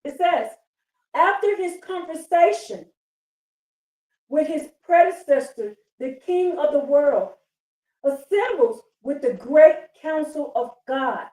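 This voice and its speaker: A woman's voice: high-pitched, animated, slow, darkish tone, roomy sound, distant mic, low-quality recording. A woman on a live stream, reading a text aloud and preaching to her viewers in a fervent, emphatic way.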